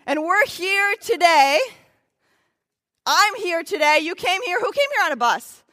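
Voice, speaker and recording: A woman from Michigan with an American accent gives an energetic preaching talk to a crowd and often shouts out to the audience. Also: very high-pitched, a little slow, no room sound, clean studio sound. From Michigan, USA. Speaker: youth event speaker.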